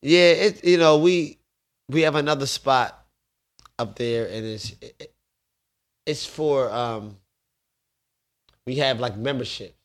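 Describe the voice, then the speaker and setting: A man's voice: medium pitch, slow, long pauses. A man, telling stories in a laid-back, streetwise way in a podcast studio. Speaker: bar owner guest. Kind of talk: casual storytelling.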